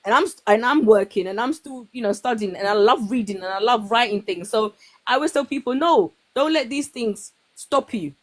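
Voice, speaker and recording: Animated woman telling stories. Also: on the high side, a little fast. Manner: animated storytelling, acts out quoted voices. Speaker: guest. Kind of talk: casual chat.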